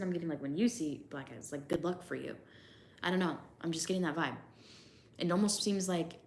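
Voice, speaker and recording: A woman's voice: deep voice, darkish tone, slight background noise. A woman giving a casual tarot reading, hedging often and reading number meanings aloud from her tablet. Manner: hedging, repeats "I don't know" and "I'm getting that vibe"; reads definitions aloud from a tablet. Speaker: tarot reader.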